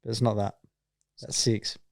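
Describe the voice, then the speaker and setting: A man's voice: fairly low pitch, flat delivery, normal speed, gravelly, no room sound. Dry-voiced Australian man reading a list. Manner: dry, reads out list items. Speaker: podcast co-host. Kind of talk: casual chat.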